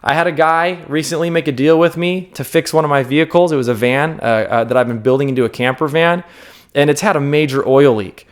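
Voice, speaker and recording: A man's voice: on the high side, a little fast. Earnest man giving unscripted self-help advice. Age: 30s. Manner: earnest and emphatic, repeats key words; checks in with the viewer with "okay?".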